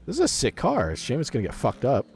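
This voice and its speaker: A young man streaming, giving casual reaction commentary, excitable and profane, laughing often. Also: medium pitch, fast talker, vocal fry, a little hiss or hum.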